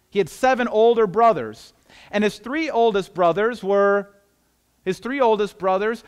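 A man preaching an earnest, conversational sermon as a pastor, often restarting and repeating words. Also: high-pitched.

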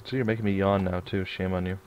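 A man's voice: low-pitched, little pitch movement, fast talker, dull audio. A man hosting a let's play video, chatting casually and joking while he plays. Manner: joking, chatty, mumbles asides. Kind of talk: casual gameplay chat.

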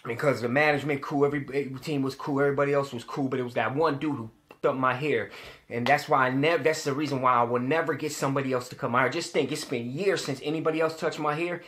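A young man telling a story to the camera in a casual, animated way, swearing and repeating himself when he gets worked up. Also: medium pitch, quick pace.

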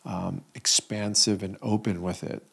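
A man hosting a podcast, soft-spoken and reflective, slowly affirming his guest. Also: fairly low pitch, steady tone, gravelly, breathy edge. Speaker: podcast host. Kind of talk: reflective interview talk.

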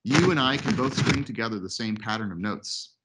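A man giving an academic webinar lecture, reading a prepared text in a measured way with occasional asides. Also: fairly low pitch, heavy background noise. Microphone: computer mic on video call.

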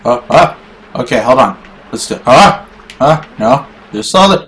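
A young man playing a video game and commenting as he goes, swearing a lot and swinging from low muttering to shouting in frustration. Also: lively intonation, measured pace. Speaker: gaming YouTuber. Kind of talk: raging gameplay commentary.

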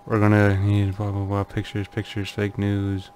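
A man with a low, fairly monotone voice reads through forum threads and comments on them. He laughs nervously and often trails off into quiet, uneasy mutters. A faint hum sits under the recording. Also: normal speed. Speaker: channel host. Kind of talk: casual commentary reading forum posts.

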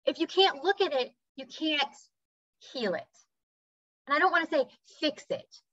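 A woman's voice: high-pitched, measured pace, a bit bright, no echo. A woman sharing a personal story in a casual, earnest talk, now and then acting out voices and bird sounds. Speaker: spiritual speaker. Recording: slightly dull dry recording.

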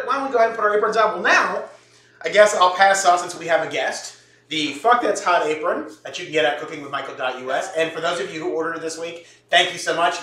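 Fast, bright-voiced rambling cooking host. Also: male voice, fairly high pitch. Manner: rambling and joking, with many fillers and restarts. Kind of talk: casual cooking show banter. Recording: roomy, from a distance.

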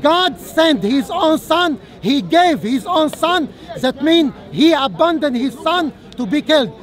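High-voiced man debating outdoors, halting. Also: lively intonation. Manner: halting, many fillers and restarts, repeated rhetorical questions. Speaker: street debater. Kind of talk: heated open-air religious debate. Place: outdoor public speaking corner in a park. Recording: faint crowd chatter outdoors.

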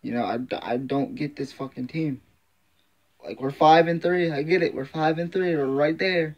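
A man's voice: a little high, moderate pace. A man ranting in frustration as a sports fan vlogger, swearing constantly and repeating himself. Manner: frustrated, profane, repetitive ranting. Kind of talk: angry fan rant.

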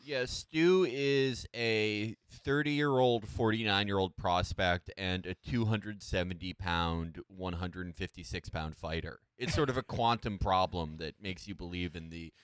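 A man's voice: low voice, steady tone, normal speed, hardly any pauses, fairly bright tone, no room sound. A man co-hosting a podcast, making dry, sardonic jokes in casual chat. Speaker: podcast co-host. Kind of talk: casual film-discussion chat.

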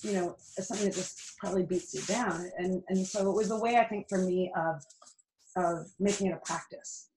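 A woman's voice: on the low side, fairly even intonation, fairly quick, a little mellow, reverberant, slight background noise, low-quality recording. A middle-aged Canadian woman with a Canadian accent, guest on a podcast, speaking in an earnest, reflective way with frequent restarts. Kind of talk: casual interview conversation.

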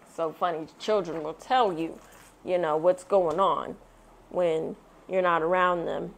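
A woman reading a children's picture book aloud, with expressive storytelling, then sharing her thoughts. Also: fairly low pitch, unhurried, gravelly. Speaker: read-aloud host.

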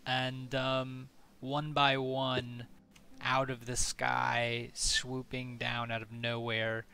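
A man narrating as game master of a tabletop game, relaxed with many fillers. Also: mid-range voice, very slow, gravelly, clear, resonant tone.

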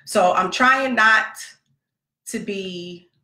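A woman's voice: medium pitch, very slow. A woman telling a long personal story about her son, talking casually and acting out the dialogue. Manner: animated, conversational, acts out quoted dialogue. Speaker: podcast host, mother. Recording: roomy echo.

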